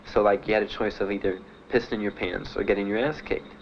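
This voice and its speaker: A man being interviewed about his time in the service, telling his story in a halting, plainspoken way with many fillers. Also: fairly low pitch, fairly even intonation, vocal fry. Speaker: veteran interviewee. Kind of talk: documentary interview. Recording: dull archival recording with faint hiss.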